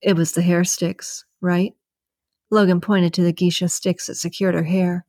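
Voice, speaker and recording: A woman narrating a novel, reading in a measured, even way. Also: lowish voice, no room sound, studio quality. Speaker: audiobook narrator. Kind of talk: scripted narration.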